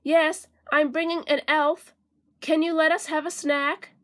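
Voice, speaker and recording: A woman's voice: high-pitched, little pitch movement, a little slow, a bit bright. A woman reading a children's storybook aloud, voicing a friendly grown man in a hearty, enthusiastic way. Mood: eager.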